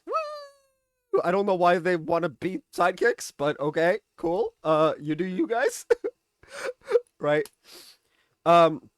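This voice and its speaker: A man's voice: fairly high pitch, fairly bright tone, clean tone, dry recording, clean studio sound. A man casually recapping and reviewing a TV episode, chatty, often tagging on "right?" and swearing now and then.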